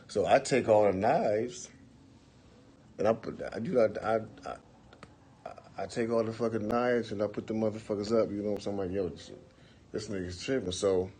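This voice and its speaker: A man in his forties telling a long, profane story on a livestream, acting out the quotes in bursts of loud, animated talk. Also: fairly low pitch, slightly rough. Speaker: livestream host. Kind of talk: casual storytelling.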